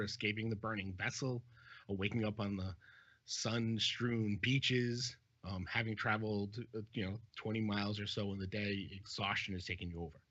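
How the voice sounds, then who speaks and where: A man narrating a tabletop horror game as dungeon master, describing scenes with many pauses. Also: lowish voice, bright, forceful tone, no echo. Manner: descriptive, hesitant with fillers. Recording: dull dry lo-fi audio.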